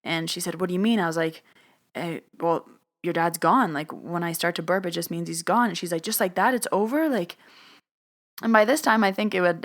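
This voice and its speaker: Woman telling a story, slightly low voice. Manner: animated retelling, acts out others' voices in quotes. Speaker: medium telling her story. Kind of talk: storytelling podcast.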